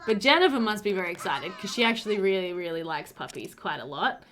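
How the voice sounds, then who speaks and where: A woman's voice: mid-range voice, expressive, fast talker, a bit bright. A young woman casually commenting on her life-sim gameplay, chatty and doting, cooing over the pets with frequent laughter. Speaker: let's play host.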